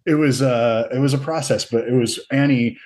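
A man's voice: mid-range voice, fairly even intonation, moderate pace, darkish tone. A man hosting a casual podcast interview, speaking hesitantly and appreciatively. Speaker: podcast host.

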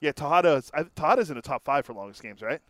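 A man's voice: a little high, animated, fast, fairly bright tone, no echo. A man co-hosting a sports talk show, looking up and reading out stats in a matter-of-fact way. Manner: matter-of-fact, reads out numbers.

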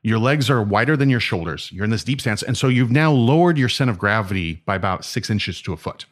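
Animated man telling martial arts stories. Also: fairly low pitch, fast talker. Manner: animated, acts out dialogue, says "right?" often. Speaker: martial arts instructor and guest. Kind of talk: casual storytelling.

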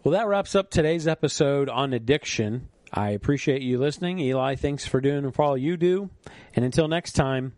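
A middle-aged man hosting a solo podcast, speaking earnestly and reflectively as he tells a story. His voice sits at an ordinary pitch with a dry, close sound. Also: lively intonation, moderate pace, darkish tone, no echo. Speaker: podcast host. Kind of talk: casual solo podcast monologue.

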